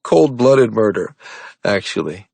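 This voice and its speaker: A man's voice: lowish voice, expressive, slow pace, gravelly, darkish tone, slightly rough, no room sound, full character voice. A male audiobook narrator voicing a menacing, sneering man with an American accent. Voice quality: taunting, sneering. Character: menacing sneering man, the hero's hateful brother.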